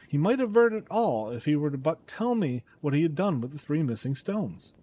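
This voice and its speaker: A man narrating a classic detective story as an audiobook, dramatic and expressive. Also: on the high side, normal speed, hardly any pauses.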